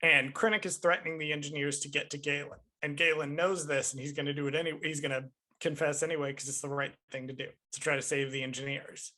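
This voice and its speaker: A man's voice: fairly high pitch, fast, few pauses. A man co-hosting a podcast, chatting casually and emphatically while reviewing a film. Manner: animated, emphatic, swears casually. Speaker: podcast co-host.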